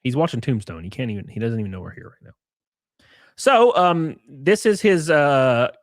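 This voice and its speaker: A man's voice: mid-range voice, moderate pace, dry recording, clean studio sound. Sarcastic, profane male streamer. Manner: animated, sarcastic, profane, keeps saying "brother". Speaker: streamer host. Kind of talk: live-stream commentary reading tweets.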